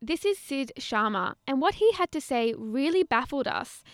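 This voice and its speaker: A woman's voice: high-pitched, big pitch swings, normal speed, no room sound. A woman co-host narrating a scripted audio feature in an upbeat, inquisitive way.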